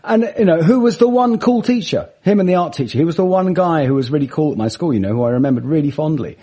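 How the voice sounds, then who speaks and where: A man with a husky voice, telling funny anecdotes in casual chat and laughing mid-sentence. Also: on the high side, fast, dark tone. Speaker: guest, comedian and musician.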